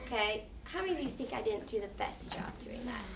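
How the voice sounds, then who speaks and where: A woman teaching an elementary classroom, explaining things clearly and step by step in an encouraging way. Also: a little high, expressive, a little fast, background noise. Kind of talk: classroom instruction.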